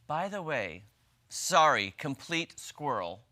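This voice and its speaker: A man's voice: on the high side, slow. A man co-hosting a morning news show, joking playfully with his co-anchor in the studio. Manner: playful, animated, jokey. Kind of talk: casual on-air banter.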